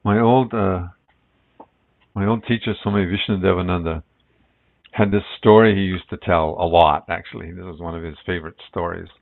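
A middle-aged man giving a relaxed spiritual talk as a meditation teacher, rambling and reflective with many restarts, heard on lo-fi phone-like audio. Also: low-pitched, moderate pace, gravelly.

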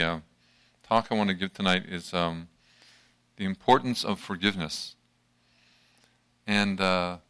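A man giving an informal evening talk to a live audience, halting, with many fillers and restarts, his mouth still slightly numb from dental work. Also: sits low, sharp tone, clean tone.

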